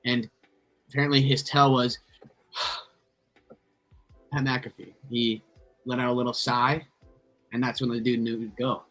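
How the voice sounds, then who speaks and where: A young man co-hosting a casual sports podcast, reading stats slowly and deliberately. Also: mid-range voice, level tone, a bit bright, faint music behind, rough recording. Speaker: podcast co-host.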